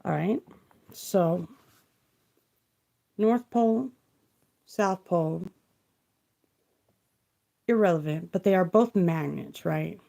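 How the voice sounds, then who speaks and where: A woman talks slowly and softly on a live stream, her lowish voice catching into gravel at the ends of phrases. She rambles from one question to the next, trailing off, and keeps her volume down near the mic. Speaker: livestream tarot reader. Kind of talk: soft-spoken livestream musing. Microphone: close mic, kept quiet for live stream.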